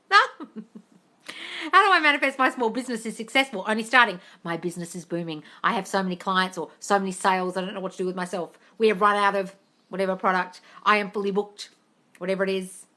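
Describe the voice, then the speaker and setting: Answering viewer questions in a casual live Q&A over a phone livestream, this woman has a bright, medium-pitched voice and a brisk pace. She's blunt, swears freely, calls viewers darling, and gets animated, squealing and laughing at comments.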